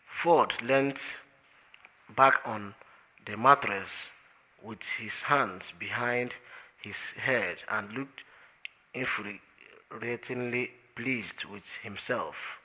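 A man reading an audiobook aloud as narrator in a measured, unhurried way. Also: medium pitch, sharp tone, husky, poor audio.

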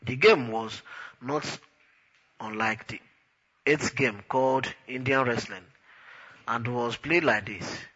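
Slow, husky male narrator. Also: medium pitch, fairly bright tone, dull audio. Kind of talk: audiobook narration.

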